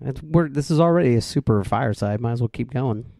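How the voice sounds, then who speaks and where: A man with a warm, mellow voice talks over a film in casual podcast chat, full of "like" fillers as he spins a story. The sound is dry and close, with no room around it. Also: mid-range voice, fast, vocal fry, dry recording. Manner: animated storyteller, lots of "like" fillers.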